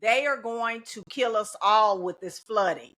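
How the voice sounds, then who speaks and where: A middle-aged teacher and union organizer, with a high-ish, fairly bright voice at a measured pace, chats casually and determinedly as a podcast guest. She relies on slogans and laughs easily.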